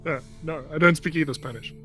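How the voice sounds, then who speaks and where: A man's voice: a little high, a little fast, sharp tone, faint music behind. A man playing in a tabletop game, chatting casually and cracking jokes with the group. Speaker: player.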